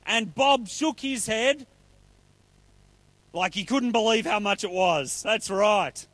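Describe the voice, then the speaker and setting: A man with a high voice leads a church children's talk, chatty and upbeat as he pulls volunteers into a story. The sound is dry and close. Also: slow, long pauses, a bit bright, dry recording. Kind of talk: children's talk with audience play.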